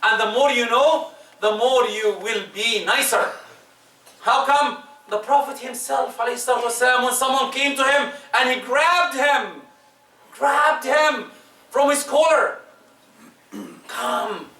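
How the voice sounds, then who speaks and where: A man delivers a Friday sermon in a strikingly high, bright voice, pushing hard on key words and then dropping low and soft. He sounds like he is in a reverberant prayer hall, picked up from some distance by the mic. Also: a little slow. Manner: emphatic, swinging between loud rises and soft drops. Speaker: preacher. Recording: echoey room, distant mic.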